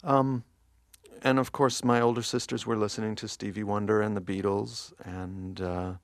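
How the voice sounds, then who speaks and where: A man with a very low voice and a gravelly edge talks quietly in an interview, often restarting his sentences. He is from New Jersey. The sound is dry and close. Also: flat delivery, moderate pace, no room sound. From Montclair, New Jersey. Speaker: guest musician. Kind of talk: casual interview chat.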